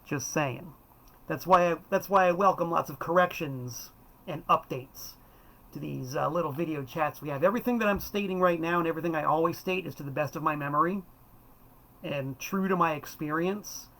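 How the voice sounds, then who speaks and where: An enthusiastic man in his fifties, from South Florida, talks through records in a loose, wandering monologue. His voice sits a little high for a man, and he often stops to correct himself. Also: moderate pace, fairly bright tone, poor audio. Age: 50s. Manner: rambling and enthusiastic, self-correcting. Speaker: host. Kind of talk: casual monologue about records.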